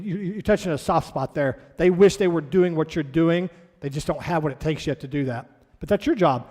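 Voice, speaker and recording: A fitness trainer, a man with a high voice, runs an orientation for a class in his studio. He talks straight to the group in a blunt, motivational way. His words carry a long echo, as though spoken in a large hall. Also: a little mellow.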